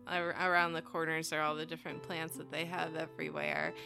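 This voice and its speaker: A woman playing a tabletop role-playing game, talking slowly and hesitantly with many fillers. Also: low voice, level tone, gravelly, over music. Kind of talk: casual tabletop role-play.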